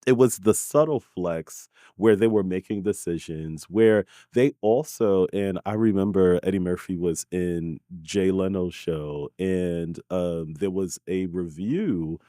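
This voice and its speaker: A man's voice: deep voice, measured pace, few pauses, mellow, dry recording, studio quality. A man in his thirties from Brooklyn, talking earnestly as a podcast guest and often checking in with "right?" and "you know". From Brooklyn, New York. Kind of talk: conversational interview. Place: recording studio.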